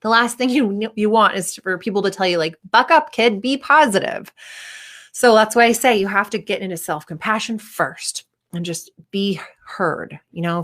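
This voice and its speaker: Woman in her 30s coaching, low-ish voice, chatty and candid, does little voices when she quotes people. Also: normal speed, few pauses, a bit bright. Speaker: performance coach. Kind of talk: casual coaching talk.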